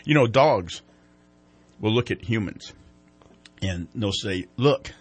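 A man's voice: fairly low pitch, expressive, takes it slowly, slightly rough. A man hosting a TV morning show, chatting casually and telling rambling jokes. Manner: joking, rambling storyteller. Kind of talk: casual chat.

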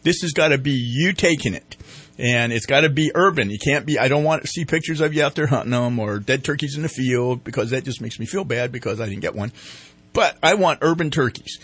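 A man's voice: mid-range voice, fairly quick, a bit bright, husky. A man hosting a casual morning radio show, rambling and poking fun at himself. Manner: rambling, self-mocking, lots of fillers. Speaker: radio host.

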